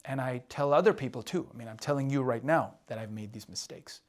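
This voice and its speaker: Man, mid-pitched voice, relationship coach, candid confessional advice, repeats words, asks "right?". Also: a little fast. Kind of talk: casual advice talk. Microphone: drawing on a board while talking.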